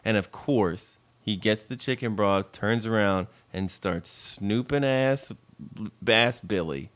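Deep-voiced man in casual recap chat. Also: slow pace, fairly bright tone. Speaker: podcast co-host.

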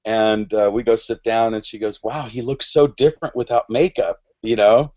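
A man's voice: lowish voice, steady tone, moderate pace, warm tone, dull audio. A man in his forties telling a story on a podcast, rambling and restarting, acting out quoted lines. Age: 40s. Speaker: podcast guest. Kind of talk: casual storytelling.

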